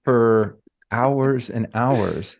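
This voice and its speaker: A man hosting a podcast, telling a personal story in a casual, reflective way with drawn-out phrases. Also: medium pitch, creaky. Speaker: podcast host.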